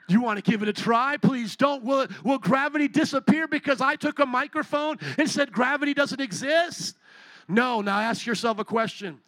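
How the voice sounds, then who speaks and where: A man's voice: extremely high pitch, moderate pace, sharp tone, no room sound. A male pastor preaching a sermon from a stage with a handheld microphone, fervently firing rhetorical questions at the congregation. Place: stage in a large building.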